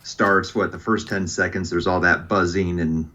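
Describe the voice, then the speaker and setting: A deep-voiced man muses about rock songs in a relaxed podcast chat, pausing and filling gaps with "you know". His audio sounds dull and muffled, as if from a remote connection. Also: a little hiss or hum. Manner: relaxed, halting, with many fillers. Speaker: podcast guest. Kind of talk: casual music review chat.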